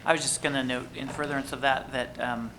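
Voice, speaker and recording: Male board member, gravelly mid-pitched voice, casual add-on comments, audible background noise. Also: flat delivery, a little fast. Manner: informal, adding on with ums. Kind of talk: comments at a public board meeting. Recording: meeting recording with background noise.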